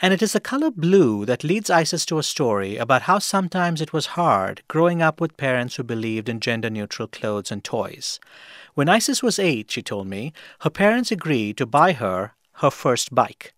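A man hosting a radio program, narrating in a measured storytelling manner and asking gentle, probing questions. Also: mid-range voice, very animated, dry recording, clean studio sound. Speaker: host and interviewer. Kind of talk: scripted radio narration and interviewing.

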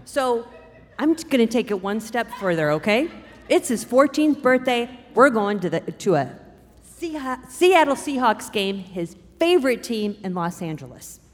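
A middle-aged woman telling a personal story in an animated, expressive way, acting out quotes. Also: on the high side, a little slow. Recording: long hall reverb.

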